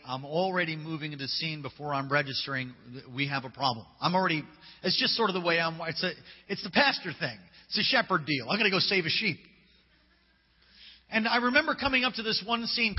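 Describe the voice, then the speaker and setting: A male pastor preaching a sermon, telling stories emphatically and casually, acting out the dialogue. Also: high-pitched. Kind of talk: sermon with storytelling. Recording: long reverb, dull lo-fi hall recording.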